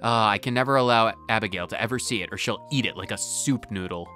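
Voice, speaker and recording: A man giving casual gameplay commentary, rambling and talking to himself, going off on tangents with sudden jumps in loudness. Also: lowish voice, fast talker, faint music behind. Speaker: gaming video host. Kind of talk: casual let's-play commentary.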